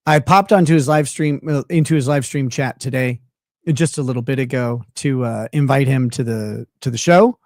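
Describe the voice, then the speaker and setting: A man's voice: medium pitch, moderate pace, dry recording, clean studio sound. A man hosting a livestream in casual chat, blunt and profane, laughing often. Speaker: livestream host.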